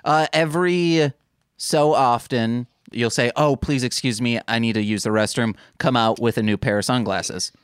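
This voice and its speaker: A man's voice: medium pitch, moderate pace, clean tone, no room sound, studio quality. A man co-hosting a podcast, telling rambling stories in casual chat and acting out quoted dialogue. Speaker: podcast co-host.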